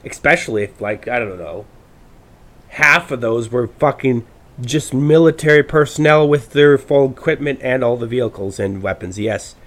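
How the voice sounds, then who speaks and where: A man's voice: medium pitch, normal speed. A man from the United States hosting a podcast, delivering a profane political rant that rambles and restarts often. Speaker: podcast host. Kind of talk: ranting political monologue.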